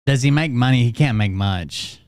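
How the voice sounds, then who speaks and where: Sarcastic reaction host guy, smooth voice, dry close mic, blunt and sweary. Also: mid-range voice, normal speed, darkish tone, no room sound. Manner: mocking, blunt, profane. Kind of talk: sarcastic commentary over clips.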